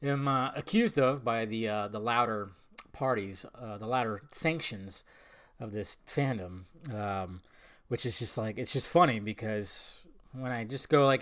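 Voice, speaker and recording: A young man hosting a casual solo podcast, swearing freely and swinging between low mumbled asides and loud, exasperated outbursts. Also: unhurried. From Southern California. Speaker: podcast host.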